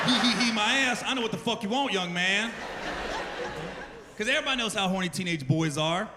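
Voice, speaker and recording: A man in his forties doing a profane stand-up comedy set, telling animated stories in put-on voices. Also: sits high, normal speed, pauses often, heavy background noise. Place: large theater stage before a laughing audience. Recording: live concert recording with loud crowd and long reverb.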